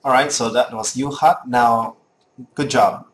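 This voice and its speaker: A man's voice: mid-range voice, fairly even intonation, measured pace. Man, Singaporean accent, coaching tone, frank yet encouraging, echoey room, faint ambient hum. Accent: Singaporean English. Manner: frank, encouraging, repeats himself. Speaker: casting coach. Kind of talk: spoken critique of game casters.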